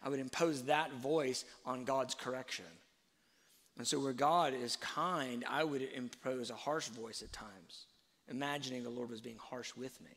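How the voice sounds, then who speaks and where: A man giving a sermon-like talk on faith and parenting, telling stories slowly and reflectively, with fillers and restarts. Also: mid-range voice, steady tone, a bit bright. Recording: long hall reverb.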